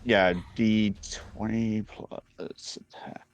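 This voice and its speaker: Low-voiced man playing a tabletop game. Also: flat delivery, very slow, a crowd in the background. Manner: hesitant, laughs a lot. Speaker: player.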